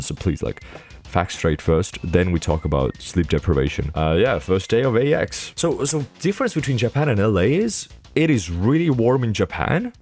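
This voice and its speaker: A young man vlogging a casual recap, rambling and self-mocking with quick asides. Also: lowish voice, darkish tone.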